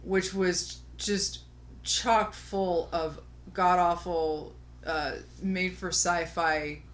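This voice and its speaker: A woman's voice: lowish voice, steady tone, drawn-out words. A woman co-hosting a casual podcast chat, making dry, sarcastic remarks. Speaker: podcast co-host.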